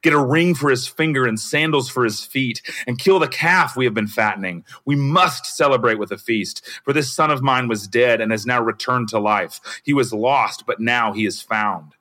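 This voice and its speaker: A man's voice: mid-range voice, normal speed, hardly any pauses, sharp tone, no echo, natural voice. A man with a Southern US twang reading the part of a loving older father, eager and commanding as he calls for a celebration. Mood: joyful.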